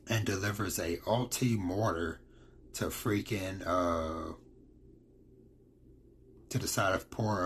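A man's voice: deep voice, a bit bright, a little hiss or hum. A man giving a casual, rambling recap of manga chapters, full of fillers and quoted lines.

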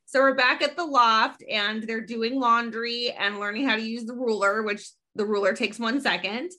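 A woman hosting a casual podcast chat, retelling a sitcom episode in a lively storytelling way with quick asides. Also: a little high. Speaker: podcast host.

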